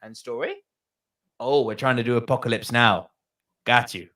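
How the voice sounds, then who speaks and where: A man co-hosting a movie podcast in casual chat, animated and swearing freely. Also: medium pitch, normal speed. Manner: animated, swearing, bursts into loud laughter. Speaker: podcast co-host.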